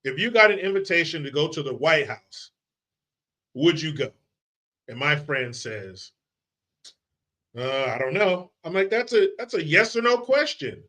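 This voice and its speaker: Bright-voiced man ranting profanely. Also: on the high side, moderate pace. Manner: profane, mocking, animated ranting. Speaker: livestream host. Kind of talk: casual ranting commentary.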